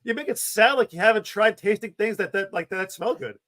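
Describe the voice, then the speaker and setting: A man's voice: high voice, a little fast, bright, forceful tone. A man co-hosting a podcast, trading blunt, teasing banter in casual chat. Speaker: podcast co-host.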